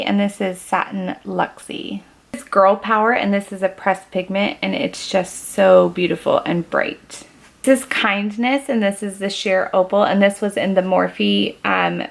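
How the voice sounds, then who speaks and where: A woman's voice: mid-range voice, creaky. A young woman showing her makeup collection in a casual beauty vlog, gushing over each shade as she names it. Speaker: beauty vlogger.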